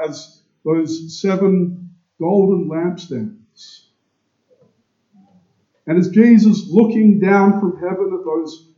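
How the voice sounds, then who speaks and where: Slow, dark-voiced man preaching a sermon. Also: high voice. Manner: slow, emphatic, rhetorical questions to the congregation. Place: church. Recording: echoey, dull church recording.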